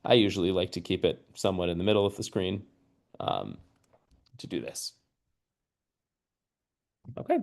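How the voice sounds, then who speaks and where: A man's voice: deep voice, sing-song, normal speed, vocal fry, pauses often. A man teaching a screen-share lesson, explaining each step patiently and checking in with listeners. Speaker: mathematics teacher trainer.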